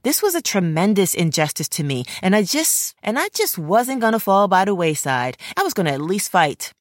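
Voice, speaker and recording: A woman's voice: medium pitch, big pitch swings, moderate pace, dry recording, clean studio sound. A woman, an actor and podcast host, telling a personal story in earnest, indignant first-person narration and speaking straight to fellow actors. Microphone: close studio mic.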